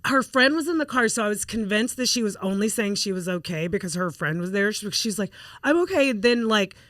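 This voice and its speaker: Casting note: woman in her forties, podcast co-host, animated storyteller, bright tone, dry close mic. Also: medium pitch, fairly quick, no echo. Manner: animated storyteller, acts out quotes. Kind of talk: casual chat.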